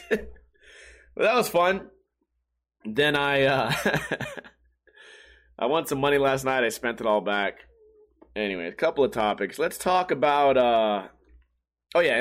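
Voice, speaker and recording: A man's voice: mid-range voice, a bit bright. A man talking alone in a casual, rambling monologue, swearing freely and mimicking other people in mocking voices.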